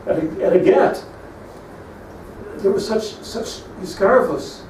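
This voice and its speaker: This sermon on Lamentations comes from a middle-aged rabbi whose fairly high, slightly mellow voice unfolds slowly. He narrates stories, slips in Hebrew terms amid the English, and builds to emphatic peaks, heard from a distance in a roomy, echoey space with faint ambience.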